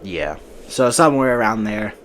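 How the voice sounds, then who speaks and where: A man's voice: on the low side, lively intonation, normal speed, a little hiss or hum. A man hosting a casual movie podcast, giving breezy opinions and often restarting his sentences. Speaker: podcast host.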